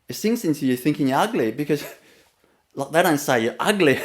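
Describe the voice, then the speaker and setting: A man with a Vietnamese accent and a fairly high voice, speaking as a spiritual teacher in a relaxed storytelling talk. He chuckles often between phrases and pauses on many "uh" and "you know" fillers.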